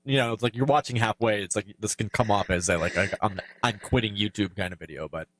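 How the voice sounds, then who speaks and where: A longtime YouTuber, a man, speaking in a reflective, halting way with many fillers and restarts as he gets emotional. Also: lowish voice, a bit bright, slight background noise. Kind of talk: reflective personal talk.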